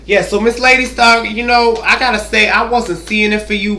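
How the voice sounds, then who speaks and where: A man's voice: sits high, steady tone, moderate pace, sharp tone, echoey room, a little hiss or hum. A man giving a sassy, profane, rambling comedic TV recap, talking straight to the viewer.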